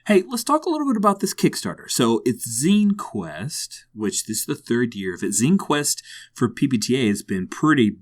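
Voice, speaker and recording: A man's voice: medium pitch, big pitch swings, moderate pace, hardly any pauses. A man who hosts the show, playing his character in first person and then chatting as interviewer. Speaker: podcast host playing a character. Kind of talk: tabletop role-play in first person, then interview chat.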